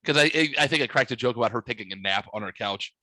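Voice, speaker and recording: Bright-voiced profane storytelling man. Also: medium pitch, fast talker, dry recording, poor audio. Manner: profane, joking smart-aleck storytelling. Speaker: podcast host. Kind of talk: casual storytelling.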